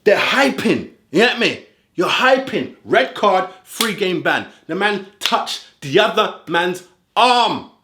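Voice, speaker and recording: Ranting man, lively high voice. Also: slow. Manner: animated, ranting, street slang. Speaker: football fan vlogger reacting to a clip. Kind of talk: heated reaction commentary. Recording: roomy echo.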